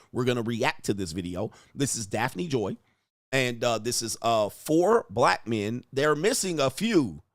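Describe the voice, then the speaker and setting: A man's voice: mid-range voice, no echo, studio quality. A man hosting a reaction commentary, talking in a blunt, mocking and exclaiming way. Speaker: host.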